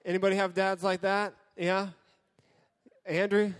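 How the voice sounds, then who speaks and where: A man's voice: high-pitched, little pitch movement, a little slow, smooth. A man giving a casual, joking sermon as a youth pastor, talking straight to his audience. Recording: hall with long reverb.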